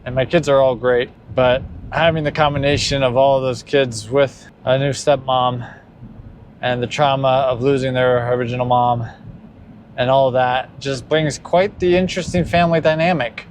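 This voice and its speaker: A man's voice: fairly even intonation, moderate pace. A man in his thirties talking candidly and rambling in a casual vlog, recorded while driving. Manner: candid and rambling, breaking into high exaggerated quotes. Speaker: vlogger. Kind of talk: casual spoken monologue. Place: inside a car while driving. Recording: car recording with faint road noise. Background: faint vehicle noise.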